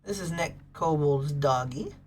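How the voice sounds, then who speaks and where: A woman's voice: sits low, unhurried, a little mellow, slight background noise. A woman hosting a casual livestream, bubbly and gushing as she chats with viewers. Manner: bubbly, gushes over pets and thanks chat. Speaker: livestream host.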